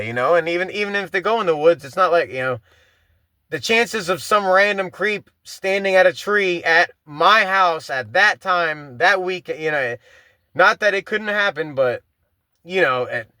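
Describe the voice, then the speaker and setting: A man's voice: fairly high pitch, pushed and bright, no echo. A man in his thirties from Florida, hosting a casual solo podcast, rambling with many fillers and restarts and swearing freely. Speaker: podcast host.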